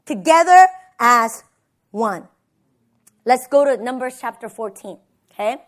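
A woman's voice: a little high, animated, unhurried, pauses often. A woman pastor giving a conversational sermon, telling personal stories and often checking in with "right?". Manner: personal storytelling, tags lines with "right?".

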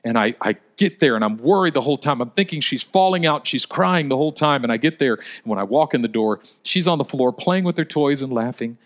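A male pastor preaching a sermon, telling stories and slowing down for emphasis. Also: medium pitch, lively intonation. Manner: storytelling, slows down for emphasis.

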